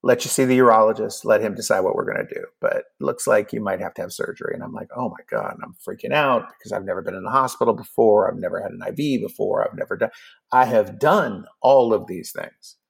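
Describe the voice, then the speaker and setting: A man's voice: lowish voice, fast talker, gravelly, husky. A man in his fifties, a podcast guest, telling a personal story casually and acting out both sides of a conversation. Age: 50s.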